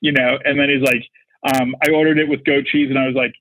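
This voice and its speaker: A man's voice: mid-range voice, level tone, fast talker, fairly bright tone, no echo. A man telling a story as a podcast guest, rambling with constant "like" and "you know". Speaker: marketing executive guest. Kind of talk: casual anecdote telling. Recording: dull lo-fi sound, dry.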